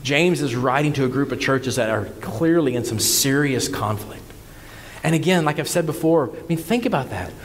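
A man's voice: mid-range voice, animated, moderate pace, long reverb tail, a little hiss or hum. A man preaching a sermon as pastor, earnest and conversational, often repeating words as he talks.

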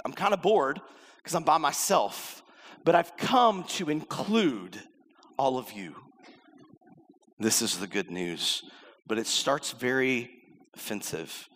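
A man's voice: a little high, a bit bright. Middle-aged male pastor, casual storytelling sermon, acts out quotes, long hall reverb. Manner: conversational preaching, acts out quotes.

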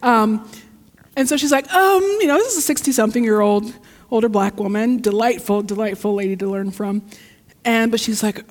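A woman preaching a sermon in a church, telling a story in a lively, heartfelt way. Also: on the high side, moderate pace. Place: church sanctuary. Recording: long church reverb.

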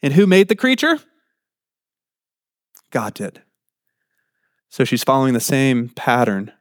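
A man preaching a sermon in a conversational way, his pitch jumping up for emphasis. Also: huge pitch swings, slow, no echo, studio quality. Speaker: pastor.

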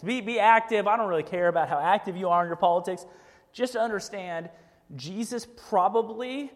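A man's voice: high-pitched, long reverb tail. A man preaching a sermon to a church group in a casual, conversational way, often checking in with "right?". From United States. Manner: casual, keeps asking "right?". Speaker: pastor.

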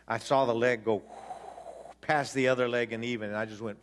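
A man giving an animated personal testimony, acting out voices, laughing and repeating himself as he tells it. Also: mid-range voice, a little fast, very noisy.

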